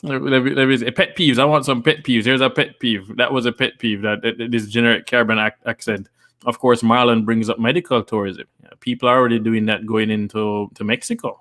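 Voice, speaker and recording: A man's voice: mid-range voice, fairly bright tone. A man hosting a live stream, reading viewer comments and making earnest, persuasive points while repeating words as he builds an argument. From Jamaica. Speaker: host and investor.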